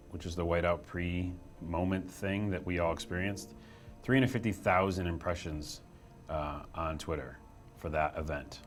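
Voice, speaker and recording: A young man with a low voice chats his way through a live stream, joking at his own expense and reading viewers' messages aloud. He sits in a small office room at a desk mic. Faint music plays behind him. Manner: chatty, self-deprecating, reads chat aloud. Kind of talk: casual live stream chat.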